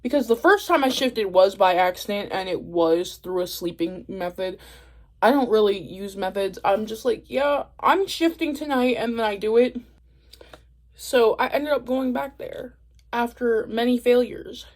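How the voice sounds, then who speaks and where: A woman's voice: mid-range voice, moderate pace, a little mellow. A young woman telling a story to camera in a casual, profane, laughing way. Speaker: vlogger.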